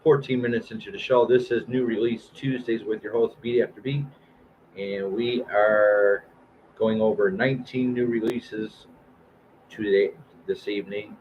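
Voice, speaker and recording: This is a man in his fifties running through new album releases on a live stream, pausing often on "uh" and "um". His voice sits low and moves slowly. The recording sounds a little dull, with faint hiss underneath. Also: steady tone. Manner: reads album blurbs aloud with fillers and restarts. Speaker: host of a live stream music show.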